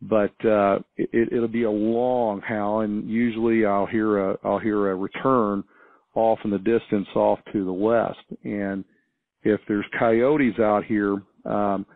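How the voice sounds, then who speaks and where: A man's voice: lowish voice, flat delivery, slow, dry recording. A man calling in to a radio show, telling a story in a rambling, hesitant way with many restarts. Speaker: caller. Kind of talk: casual storytelling on a call-in show. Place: small farm town. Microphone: phone. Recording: tinny phone line, dry.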